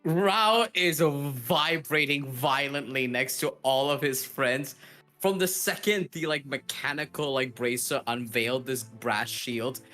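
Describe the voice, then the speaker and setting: A man playing a tabletop game, excitedly describing his character's reaction. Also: medium pitch, a little slow, faint music behind. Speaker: player.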